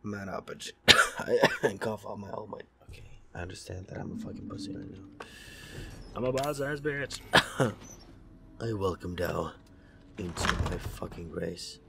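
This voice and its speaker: A young man with a sick, raspy voice, cursing and reacting jumpily while playing a horror game. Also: low-pitched, steady tone, unhurried, very noisy. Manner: profane, jumpy, talks to himself. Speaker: gaming let's-player.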